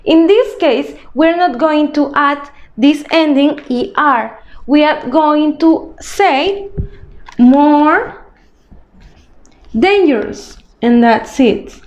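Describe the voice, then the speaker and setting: Teacher, woman, high voice, slow careful delivery for young learners. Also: darkish tone, muffled recording. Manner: slow, patient, explains step by step with frequent "okay?". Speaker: English teacher. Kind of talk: recorded grade-school grammar lesson.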